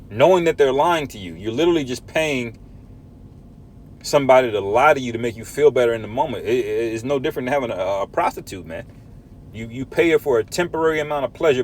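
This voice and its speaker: A man teaches from scripture in a sermon style. His voice sits in an ordinary middle pitch. He talks with emphasis, leaning on tags like "man" and "all right?". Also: a little mellow, a little hiss or hum. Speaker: preacher.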